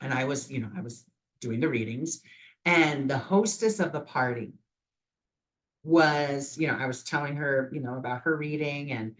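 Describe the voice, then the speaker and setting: A man's voice: medium pitch, moderate pace, fairly bright tone, poor audio. Rambling, earnest man vlogging. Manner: rambling, full of "you know" fillers; earnest and encouraging. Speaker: vlogger and spiritual reader. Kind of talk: casual motivational talk.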